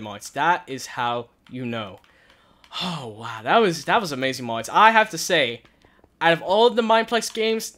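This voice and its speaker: Bright high-voiced excitable man gaming. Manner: nervous, shouts and cries out in panic. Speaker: gaming channel host. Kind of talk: excited gameplay commentary. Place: hot room at home. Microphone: headset.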